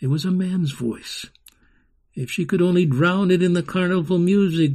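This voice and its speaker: A man reading a story aloud as scripted narration, slow and dramatic. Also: high voice, gravelly, darkish tone. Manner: slow, dramatic storytelling with sung-out carnival sounds.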